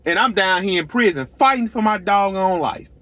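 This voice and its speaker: Here the middle-aged channel host, who runs a lawn care business, rants to camera at a normal speed in a high-pitched, expressive voice. The sound is pushed and bright, recorded dry. It's a casual, blunt, heated rant where he keeps circling back and plays out conversations with quoted lines.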